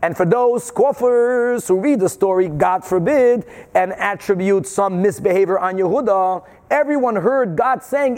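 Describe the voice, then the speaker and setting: A man's voice: sits high, lively intonation, normal speed, hardly any pauses, a little mellow. A man teaching a Talmud class, reading Aramaic and Hebrew phrases and translating them into English, asking rhetorical questions along the way. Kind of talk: daf yomi Talmud class.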